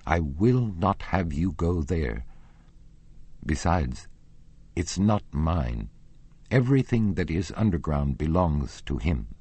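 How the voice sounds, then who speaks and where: A man's voice: rumbling low, sing-song, slow, a little mellow, breathy edge, heavily acted. A man reading the lines of a nervous, frightened young woman in an audiobook, in a feverish, pleading way. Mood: frightened, evasive.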